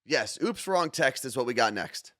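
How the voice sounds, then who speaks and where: A man's voice: medium pitch, animated, moderate pace, fairly bright tone, dry recording, clean studio sound. A man co-hosting a morning show in casual chat, easygoing, reading out listener messages. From Seattle area. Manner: easygoing, reads out listener texts. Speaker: radio show co-host.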